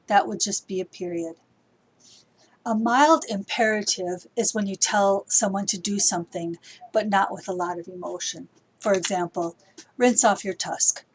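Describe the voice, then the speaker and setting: In this low-quality recording with slight background noise, a woman with a medium-pitched, fairly even voice teaches writing to middle schoolers at a moderate pace. She explains each step as she edits, sometimes reading example sentences aloud with acted emotion, in a recorded grammar lesson.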